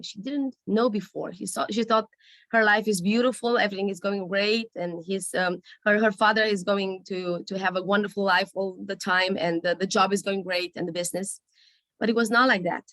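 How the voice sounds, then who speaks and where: A woman's voice: mid-range voice, a bit bright, dry recording. Woman telling a folktale with many fillers. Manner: casual, with many fillers and restarts. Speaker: storyteller. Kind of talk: live oral storytelling. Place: festival stage.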